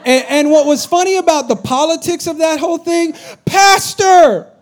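A pastor preaches a sermon in a voice that sits high for a man, at a brisk pace. He swings between loud, urgent bursts and low, confiding asides.

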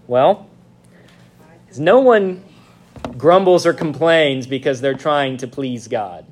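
A male pastor preaching a sermon, reading scripture slowly and leaning on key words. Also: medium pitch.

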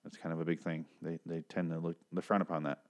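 Man, recap host, very deep voice, rambling chatty talk, casual swearing. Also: little pitch movement, fast talker.

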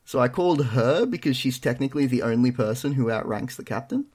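A man's voice: mid-range voice, animated, brisk, a little mellow, slightly rough. Dry, self-mocking young man telling stories. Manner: dry, self-deprecating storytelling. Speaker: podcast co-host. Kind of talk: casual chat.

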